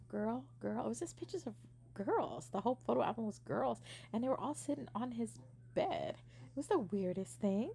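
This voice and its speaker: A young woman casually telling a personal story, animated, acting out what people said and using many fillers. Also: medium pitch, gravelly.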